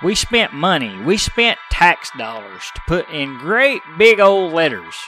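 A middle-aged man hosts a podcast and rants in an exasperated, profane way. His voice is bright and edgy, sitting a little high. Faint music plays behind him. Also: sing-song, unhurried. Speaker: podcast host. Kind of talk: casual ranting podcast talk.

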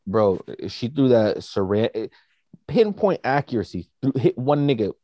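A man's voice: medium pitch, sing-song, a little slow, mellow, no echo, muffled recording. A man casually chatting as a podcast co-host, rambling with lots of fillers. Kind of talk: casual chat.

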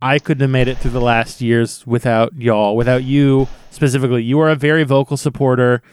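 A man's voice: mid-range voice, flat delivery, brisk, a little mellow, clear, resonant tone. A male podcast host, tipsy from drinking, speaking earnestly and with heart while swearing freely. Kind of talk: casual podcast chat.

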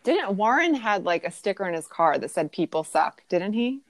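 A woman's voice: medium pitch, big pitch swings, normal speed, no room sound. A woman chatting casually about astrology, rambling with lots of fillers. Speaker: podcast co-host explaining astrology. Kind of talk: casual chat.

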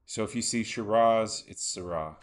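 A man's voice: lowish voice, normal speed. A man co-hosting a podcast, explaining things in a laid-back way with dry humor. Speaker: podcast co-host. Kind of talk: casual podcast chat.

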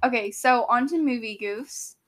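A playful, teasing woman chatting casually as co-host. Her voice is a little high and easygoing. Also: moderate pace. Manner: playful, teasing, laughs easily. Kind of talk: casual chat.

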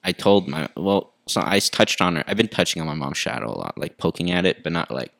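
A man's voice: low voice, lively intonation, fast, gravelly, a bit bright, no room sound. A young man, a guest on a casual podcast, joking and laughing often and restarting his sentences. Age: young adult. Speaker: podcast guest, coaching client.

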